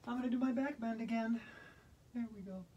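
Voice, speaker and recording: Mellow playful man guiding yoga. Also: very high voice, brisk, dull audio, slight background noise. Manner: playful, gentle, chatty guiding. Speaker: yoga instructor. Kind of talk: guided yoga instruction.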